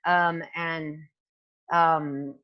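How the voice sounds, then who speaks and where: A woman's voice: sits low, level tone, very slow, clear, resonant tone, dull audio. A woman fitness coach demonstrating exercises at home, giving encouraging instructions with frequent fillers. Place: home room with hardwood floor. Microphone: new microphone.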